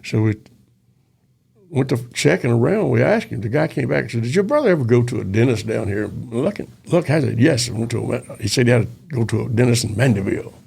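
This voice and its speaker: A man's voice: mid-range voice, lively intonation, brisk, darkish tone. An older man, a former police officer telling a story in a casual interview, acting out the dialogue. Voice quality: gravelly. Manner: folksy, acts out dialogue in quoted voices.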